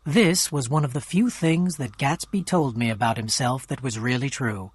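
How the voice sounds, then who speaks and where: Man reading a story for learners, clear and measured, mid voice, dry close mic. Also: medium pitch, no room sound. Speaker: narrator. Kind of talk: scripted storybook narration for learners.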